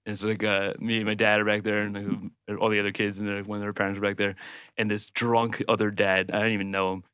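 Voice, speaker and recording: A man's voice: lowish voice, flat delivery, fast, bright, forceful tone, clean tone, no echo. A man who is a guest on a podcast, telling rambling stories full of fillers and laughing often. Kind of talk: casual chat.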